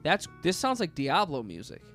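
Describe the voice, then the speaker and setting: Joking podcast co-host, higher voice. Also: male voice, huge pitch swings, moderate pace. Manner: joking, sarcastic, laughs often. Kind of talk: casual chat. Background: faint guitar playing.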